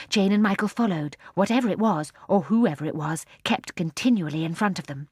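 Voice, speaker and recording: A woman narrating a children's storybook in a soft, hushed storytelling manner. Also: medium pitch, a little fast, hardly any pauses, slightly rough, no echo, clean studio sound. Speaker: audiobook narrator.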